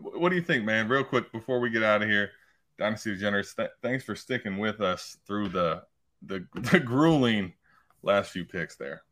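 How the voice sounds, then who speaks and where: A man co-hosting a casual podcast, talking things through in a relaxed way. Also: on the low side, moderate pace. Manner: relaxed, thinks aloud with restarts. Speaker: podcast co-host.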